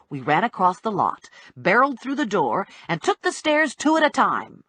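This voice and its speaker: A woman reading a first-person audiobook in a wry, brisk storytelling manner, on a close studio mic. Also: mid-range voice, huge pitch swings, a bit bright, slightly rough, no echo. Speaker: audiobook narrator.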